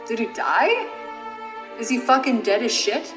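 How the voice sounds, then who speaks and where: A woman's voice: mid-range voice, lively intonation, normal speed. A woman giving casual, joking let's play commentary, cursing now and then while she plays. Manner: chatty, joking, swears casually. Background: game music.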